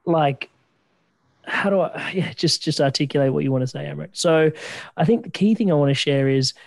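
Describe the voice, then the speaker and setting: A man with a fairly high voice who hosts a podcast conversation. He speaks in a reflective, soft-spoken way and laughs lightly. The recording is dry and close. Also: moderate pace, creaky, dry recording.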